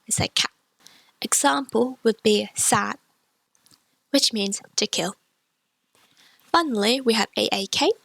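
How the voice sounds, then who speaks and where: A woman's voice: medium pitch, vocal fry, a bit bright, no room sound. A woman teaching a beginner Cantonese pronunciation lesson, explaining patiently step by step. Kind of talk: language lesson.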